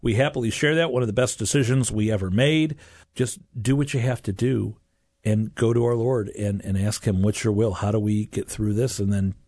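A man's voice: lowish voice, steady tone, moderate pace, a little mellow, no echo. A man hosting a faith-based radio talk show from a studio, talking in an earnest, encouraging way.

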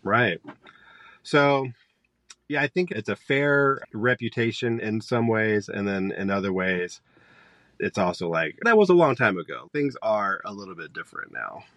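A man in his thirties, a high school teacher, guest on a podcast, talking casually and opinionated, drifting onto tangents. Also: expressive, measured pace, a bit bright, dry recording. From Georgia, US. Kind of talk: casual conversation.

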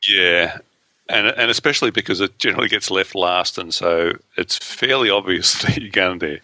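A man with an Australian accent and a very low voice, cutting through with a bright, forceful edge as he calmly explains where to go next in the game. The recording is dry and close. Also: normal speed, dry recording. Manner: relaxed, gives helpful game advice. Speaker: podcast co-host. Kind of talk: casual gaming chat.

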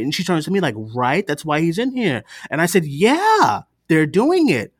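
A man's voice: sits high, normal speed, no room sound, studio quality. A man co-hosting a movie podcast, chatting casually and acting out other people's voices as he tells stories. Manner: animated storyteller, acts out relatives' voices. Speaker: podcast co-host. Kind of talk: casual chat.

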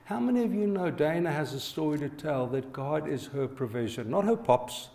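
His voice sits on the high side, dark in tone, with lively intonation and a moderate pace. This middle-aged pastor tells personal stories during his sermon and often prompts the congregation for a response.

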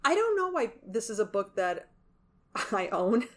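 A woman co-hosting a casual podcast conversation. She talks emphatically, and her voice leaps up in pitch when she makes a point. She sounds animated and opinionated. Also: measured pace. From Latin American heritage. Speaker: podcast co-host. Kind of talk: casual chat.

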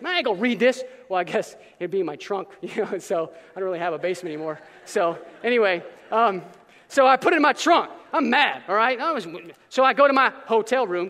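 A male pastor preaching a sermon in an energetic, casual way with slang, now and then breaking into shouts. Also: extremely high pitch, in a large hall.

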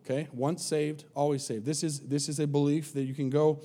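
A man's voice: on the high side, little pitch movement, brisk, warm tone. A man preaching a sermon as pastor, earnest and pleading, often repeating words as he restarts his sentences.

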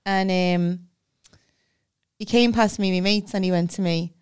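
A woman with a Liverpool accent chats on a podcast with a smooth, resonant voice. She tells stories in a lively way and often acts out the voices of the people in them. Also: medium pitch, unhurried. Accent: Liverpool (Scouse). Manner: storytelling, animated, acts out voices with laughs. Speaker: podcast co-host. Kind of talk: casual chat.

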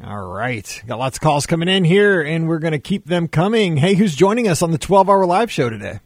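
A man's voice: fairly high pitch, very animated, brisk, no echo, studio quality. A man hosting a live show, taking calls in an upbeat, friendly way. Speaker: host.

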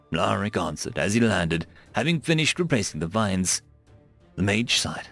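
A man's voice: on the low side, expressive, normal speed, gravelly, fairly bright tone, soft background music. A man narrating a fantasy story in the first person as an audiobook reader.

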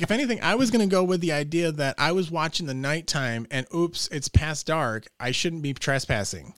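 A man's voice: mid-range voice, big pitch swings, fast talker, dry recording, studio quality. A man guesting on a podcast, telling wild stories with lots of swearing and laughter, acting out the lines of the people in them. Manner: profane, laughs often, acts out quotes. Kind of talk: animated storytelling.

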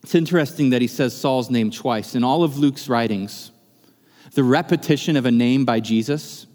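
A man's voice: mid-range voice, moderate pace, a little mellow. A male pastor preaching a sermon in a church, earnest and building to impassioned emphasis. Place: church sanctuary. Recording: long reverb of a church hall.

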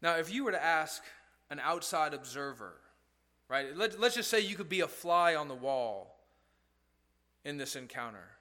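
Bright, bouncy preaching man. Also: fairly high pitch, lively intonation, moderate pace. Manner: conversational preaching with rhetorical questions. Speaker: pastor. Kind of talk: sermon.

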